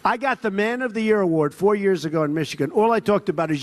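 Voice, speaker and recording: Older man shouting through a rally speech. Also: sits high, quick pace, few pauses. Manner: loud, rambling, mocking imitations. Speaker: political speaker at a rally. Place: large rally venue.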